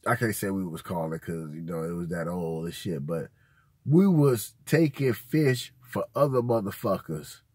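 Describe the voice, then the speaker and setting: A man's voice: low-pitched, lively intonation, moderate pace, darkish tone, husky, dry recording, studio quality. A man, host of his own channel, telling casual, rambling, profane stories full of slang. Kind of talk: casual storytelling.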